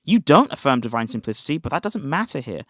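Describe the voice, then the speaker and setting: A man hosting a heated live debate, cocky and needling, sometimes slowing his words down to mock the other side. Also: fairly high pitch, big pitch swings, fairly bright tone. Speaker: host debating callers.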